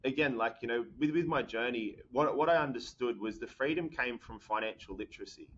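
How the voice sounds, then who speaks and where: A young Australian man, a podcast guest, talking in an energetic, rambling way with lots of fillers. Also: medium pitch, brisk, highs cut off, slight background noise. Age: young adult. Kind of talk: casual podcast chat.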